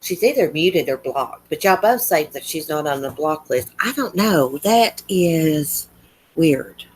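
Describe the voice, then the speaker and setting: A woman's voice: low-pitched, animated, measured pace, slightly rough. A woman with a Southern US accent, hosting a livestream in casual chat and answering comments in a chatty, countrified drawl. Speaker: livestream host.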